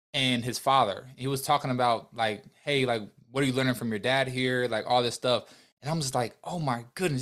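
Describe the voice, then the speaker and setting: Young guy on a podcast, earnest storytelling, mid pitch, talks about faith, acts out the conversations. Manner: earnest, animated, faith-filled, acts out dialogue. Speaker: podcast guest. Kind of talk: emotional personal storytelling.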